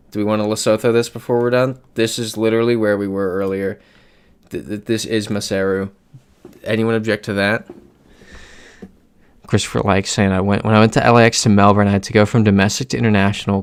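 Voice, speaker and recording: A man's voice: on the low side, smooth, no room sound. A young American man chatting casually on a live stream, reading out chat messages as he plays. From United States.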